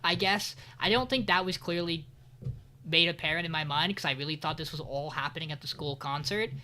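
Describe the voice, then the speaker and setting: Bright-voiced sarcastic podcast co-host. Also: male voice, on the high side, fairly quick. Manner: rambling, profane, sarcastic asides. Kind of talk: casual anime recap chat.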